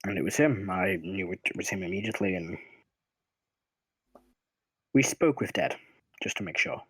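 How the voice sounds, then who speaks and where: A man acting as dungeon master in a tabletop game, speaking for characters in his own halting voice. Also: sits low, expressive, fairly bright tone, breathy edge, dry recording, low-quality recording.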